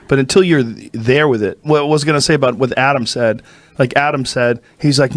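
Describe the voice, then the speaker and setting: Animated, profane male podcast host. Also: mid-range voice, a little fast, no echo. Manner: animated storyteller, swears freely, acts out voices in anecdotes. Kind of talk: casual long-form conversation.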